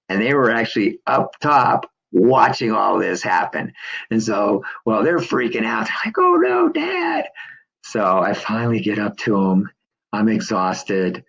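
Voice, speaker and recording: A middle-aged man with a lowish voice tells a story at an easy pace, filling gaps with "uh" and small laughs. The recording sounds muffled and dull. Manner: relaxed storytelling with frequent fillers and chuckles. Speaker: business coach. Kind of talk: personal story and pitch to camera.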